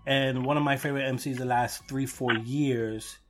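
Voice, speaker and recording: A man's voice: mid-range voice, steady tone, moderate pace, a bit bright, faint music behind. A man from Brooklyn hosting a podcast, rambling and self-deprecating in casual chat. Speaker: podcast host.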